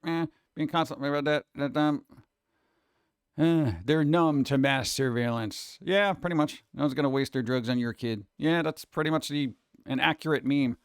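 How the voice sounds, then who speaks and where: A man hosting a live stream and chatting casually with viewers, animated and loose, often slipping into mock voices. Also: a little high, moderate pace, clear, resonant tone, no echo, clean studio sound. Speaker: streamer host.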